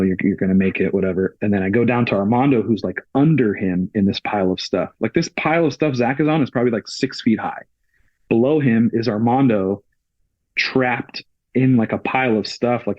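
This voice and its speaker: A man's voice: mid-range voice, no echo, dull audio. A man who works on a touring crew, a podcast guest, telling a story casually and retelling the events through many quoted exchanges.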